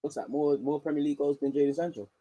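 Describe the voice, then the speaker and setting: A young man hosting a live football watchalong, talking in slang and swinging from low muttering to excited shouts. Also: fast talker, highs cut off. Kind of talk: live match reaction commentary.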